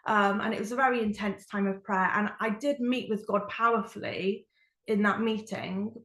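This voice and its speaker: A woman's voice: mid-range voice, steady tone, moderate pace, a bit bright, echoey room. A woman giving an earnest, reflective personal testimony as a Christian speaker, with frequent fillers.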